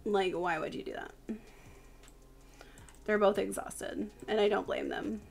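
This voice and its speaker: A woman's voice: mid-range voice, a little slow, gravelly. A tired woman streamer giving live commentary on her game, chatting to her characters as she plays.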